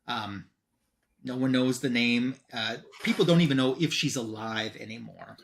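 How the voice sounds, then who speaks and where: A man with an ordinary mid-range voice recaps a comic book plot for his show. He talks casually and fills gaps with ums. His voice swings up and down in pitch and loudness as the story unfolds. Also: moderate pace, gravelly, slight background noise. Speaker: comic review show host.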